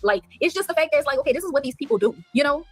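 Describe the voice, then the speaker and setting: Rapid-fire defensive woman. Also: high-pitched, lively intonation, no room sound, soft background music. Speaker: panel guest. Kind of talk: heated livestream panel talk.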